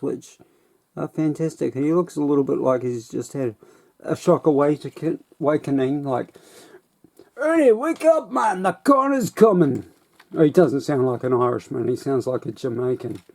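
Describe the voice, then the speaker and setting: A man's voice: medium pitch, steady tone, moderate pace, creaky, dark tone. A man casually reviewing a toy set in a rambling, self-deprecating way.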